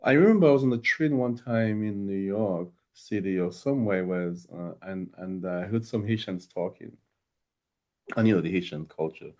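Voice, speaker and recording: A low-pitched man from Dominica speaks as a guest in a conversational interview. He talks reflectively, pausing and restarting as he works through his thoughts. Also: a little mellow. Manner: reflective, many fillers and restarts.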